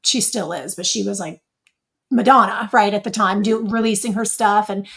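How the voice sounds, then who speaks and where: A middle-aged woman speaking as an interview guest, telling animated stories with lots of laughter. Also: medium pitch, moderate pace. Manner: animated, laughs often, quotes others in her stories. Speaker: interview guest, former dancer. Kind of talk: casual interview storytelling.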